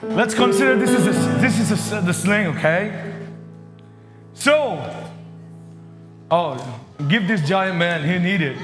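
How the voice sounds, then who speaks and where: A man giving an animated, halting sermon to children, with non-native phrasing. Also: sits high, in a large hall, over loud music. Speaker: children's ministry preacher.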